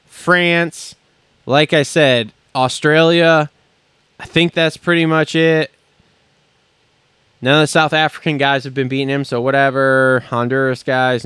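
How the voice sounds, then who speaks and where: A man hosts a motocross podcast and launches into a profane, sarcastic rant. His voice sits a little high for a man. The sound is dry and close, with no room echo. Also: sharp tone. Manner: heated, swearing, mocking, sarcastic. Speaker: podcast host.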